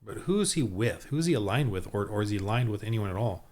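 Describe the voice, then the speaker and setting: A man with a fairly low voice talks to himself while he rolls dice and builds characters for a tabletop game. He mutters, stops halfway through words and starts again, and thinks everything through out loud. Typing on a keyboard is heard now and then. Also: expressive. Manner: muttering to himself, halting, many restarts. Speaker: solo tabletop game designer. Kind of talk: thinking aloud while rolling up town characters.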